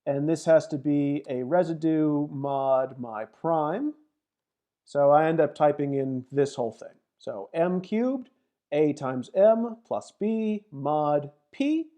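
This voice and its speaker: In a screen-recorded lecture walkthrough, a woman who lectures in mathematics speaks in a low, warm voice. She methodically thinks aloud while typing and reading out long numbers for a math problem on screen.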